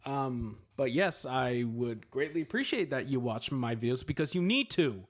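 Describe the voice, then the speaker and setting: A man's voice: medium pitch, expressive, normal speed, hardly any pauses. A man chatting casually on a livestream, answering questions in a rambling way, with lots of filler words, and joking at his own expense. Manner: playful, laughs at himself. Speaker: streamer answering chat questions.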